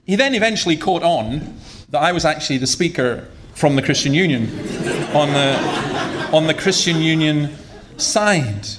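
A man's voice: a little high, a bit bright, a little hiss or hum. A man preaching a sermon in a conversational, humorous way, often repeating words as he goes.

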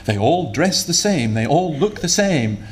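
Preacher, chatty and joking. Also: male voice, fairly high pitch, very animated, unhurried. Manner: conversational, humorous storytelling, repeats words. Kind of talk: sermon.

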